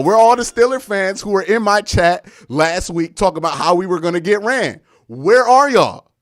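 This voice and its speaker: A young man hosting a live sports stream, boasting and trash-talking the rival team while he thanks viewers for their messages. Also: on the high side. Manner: boastful trash talk with shouts and laughs, reads out viewer messages. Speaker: sports show host.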